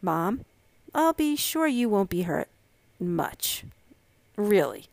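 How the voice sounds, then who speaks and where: A woman voicing an excitable, scheming little girl who talks eagerly and a bit whiny in a storybook reading. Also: medium pitch, slow, vocal fry, no room sound, heavily acted. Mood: excited.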